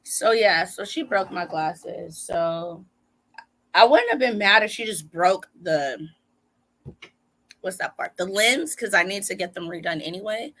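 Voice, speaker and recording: A young woman chatting casually on a live stream, her voice bright with a gravelly rasp. She talks loosely and easily to her viewers, her pitch swinging up and down. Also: animated, measured pace, low-quality recording. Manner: chatty, fixing mic mid-stream.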